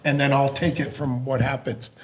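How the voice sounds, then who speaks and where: A man's voice: medium pitch, little pitch movement, normal speed. A middle-aged man and former hockey player, co-hosting a podcast, chatting casually and chiming in eagerly with laughs. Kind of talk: casual chat.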